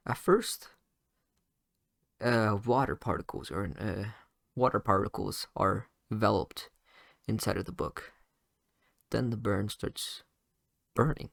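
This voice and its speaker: A young man improvises a retelling of a story, rambling along with lots of fillers and restarts. His voice sits low and has a gravelly edge. The recording is dry and close. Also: no room sound.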